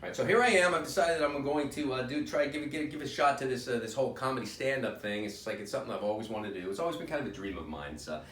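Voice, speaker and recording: A man doing a stand-up comedy set, self-deprecating and halting, with many restarts. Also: mid-range voice, animated, fairly bright tone, echoey room, recorded from a distance, a little hiss or hum.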